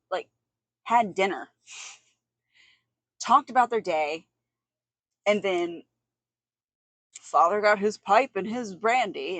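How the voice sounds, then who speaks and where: Livestreaming from an outdoor hot tub, a woman chats casually with her audience, reacting to chat and giggling often. Her voice is fairly low and slightly rough, with no room sound.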